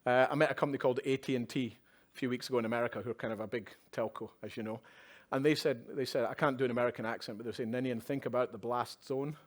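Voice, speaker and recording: A man's voice: medium pitch, steady tone, rapid-fire. Male keynote speaker on a conference stage, chatty, drops wry asides and "yeah?" checks to the room. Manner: conversational, with tag questions and wry asides. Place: conference stage at a live event.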